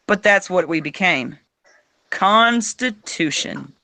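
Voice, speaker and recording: A man's voice: expressive, takes it slowly, pushed and bright, dry recording. A man hosting a casual political chat, talking emphatically. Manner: emphatic, swings into high mock voices. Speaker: host.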